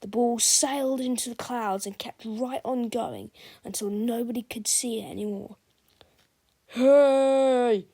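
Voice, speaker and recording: A woman's voice: a little high, moderate pace, a little mellow, breathy edge. A woman reading a children's book aloud, telling the story expressively and speaking to the listener directly. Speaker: storybook reader.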